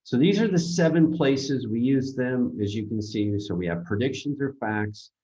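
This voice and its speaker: A man teaching a grammar seminar, explaining with halting, rambling sentences full of restarts and fillers. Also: mid-range voice, lively intonation, mellow, highs cut off. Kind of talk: recorded grammar seminar lecture.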